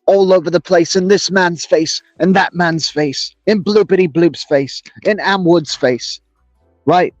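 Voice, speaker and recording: A man's voice: high voice, no room sound, pitched above the performer's own voice. A man doing a put-on English accent, teasing a chat member in mock outrage over a dull, lo-fi phone stream. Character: mock English bloke, cheeky and scolding.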